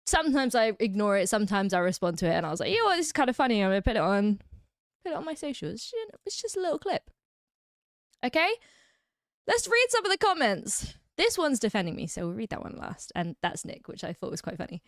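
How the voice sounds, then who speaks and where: Woman, English accent, livestream chat, rambling, lively pitch, dry close sound. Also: a little fast, no echo. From England. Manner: chatty, giggly, rambling. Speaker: streamer.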